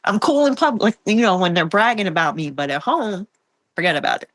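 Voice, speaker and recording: A woman's voice: medium pitch, sing-song, brisk, no echo, low-quality recording. A woman podcast guest opening up in a candid personal conversation, emotional and rambling with many fillers.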